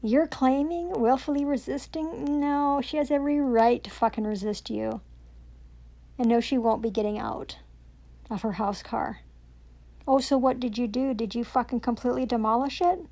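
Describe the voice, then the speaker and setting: A woman's voice: a little high, normal speed, vocal fry, dark tone. A woman, ranting angrily and profanely into her own recording, sarcastic and accusing. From Canada. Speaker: self-recording vlogger. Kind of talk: angry rant to camera.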